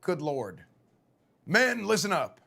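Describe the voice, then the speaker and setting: A hoarse man giving a loud, profane mock locker-room pep talk as coach on a live gaming stream. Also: sits high, big pitch swings, slow pace. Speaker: streamer playing a football coach.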